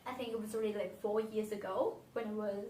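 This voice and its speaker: This beauty vlogger from Vietnam speaks English as a second language, talking fast in a mid-range, dark-toned voice with fairly even intonation. She muses dreamily through her favourite fragrances, often letting sentences trail off. There's a bit of hiss or hum, roomy echo, and she sits slightly away from the mic.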